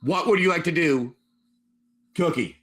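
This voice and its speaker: At a measured pace, a game master narrates his stream's wasteland tabletop adventure, voice slightly high for a man and fairly bright. His style is loose and rambling, full of asides, and he calls on players by name.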